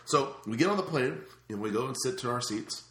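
A man telling a story in casual podcast chat, animated and acting out the other people's lines, swearing casually. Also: medium pitch, brisk. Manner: animated, acts out quoted voices, swears casually. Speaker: podcast host. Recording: roomy echo.

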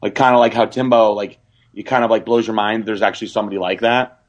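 A young man telling a story on a podcast in a rambling, excited way, full of fillers and restarts. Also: on the low side, quick pace, muffled recording. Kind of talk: casual storytelling.

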